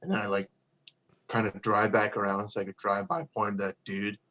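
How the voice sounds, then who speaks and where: Young man, low voice, flat delivery, casual storytelling, co-host, swears freely. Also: moderate pace. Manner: laid-back, swears casually, quotes people in his stories.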